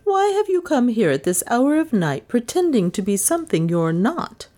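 A woman voicing an imperious elderly spinster who questions sharply and commands briskly. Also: fairly high pitch, very animated, a little mellow, pitched above the performer's own voice. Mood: accusing.

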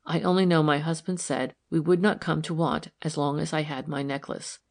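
A woman reading the part of an anxious, guarded wife who speaks in a hushed, hesitant way, in an audiobook. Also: low-pitched, fairly even intonation, normal speed.

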